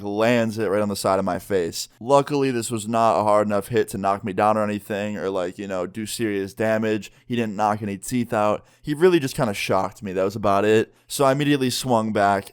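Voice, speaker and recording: A man's voice: fairly low pitch, clean tone. A man in his twenties telling a story on a vlog in a casual way, using lots of fillers. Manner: casual storyteller, heavy use of "like". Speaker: vlogger.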